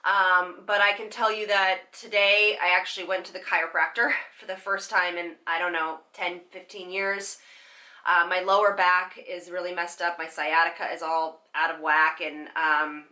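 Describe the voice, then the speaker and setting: A young woman talking candidly and haltingly to her viewers in a personal vlog, tearful at times, with many fillers. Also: lowish voice, level tone, bright, forceful tone. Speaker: vlogger.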